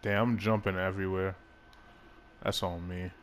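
A man casually commenting on his own basketball video game, excitable, swearing and laughing at himself. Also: low voice, normal speed, a little hiss or hum. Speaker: gaming YouTuber.

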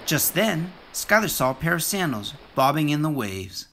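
A storyteller reading a children's picture book aloud in an expressive, sing-song way. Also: medium pitch, normal speed, a little hiss or hum.

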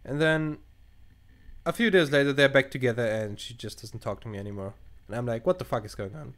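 A man's voice: mid-range voice, fairly quick. A young man, not a native English speaker, casually commenting on a game he plays, thinking aloud and swearing as he reacts. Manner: animated, swearing, thinking aloud while reading choices. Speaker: gaming channel host. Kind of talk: casual let's play commentary.

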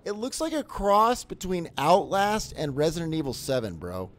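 A man's voice: fairly high pitch, sing-song, normal speed. A man streaming a horror game, chatting casually to viewers, jokey and swearing as he plays. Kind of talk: casual live game commentary.

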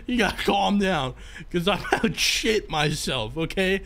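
A young man giving lively commentary on a horror game from home, swearing and screaming when scared. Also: high-pitched, normal speed, gravelly. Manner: jumpy, swearing, screams in fright. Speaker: gaming YouTuber. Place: home room with his dog nearby.

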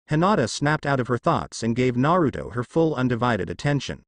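A man narrating a fan fiction story in a plain, steady storytelling manner. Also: medium pitch, a little fast.

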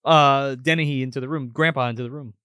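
A man's voice: mid-range voice, fast talker, smooth, no room sound, clean studio sound. A man co-hosting a casual, profane movie recap and acting out scenes as he goes. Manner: profane, animated, acts out scenes. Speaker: podcast co-host.

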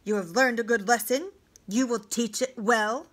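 Storybook read-aloud: woman as a weary, grim male commander, stern and measured. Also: fairly high pitch, natural voice.

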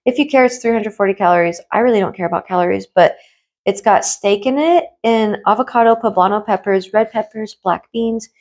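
A woman in a casual mukbang chat, eating and rambling in a hushed tone, full of fillers and the odd swear. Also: mid-range voice, brisk. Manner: speaks in a hushed tone while eating. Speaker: food vlogger and streamer.

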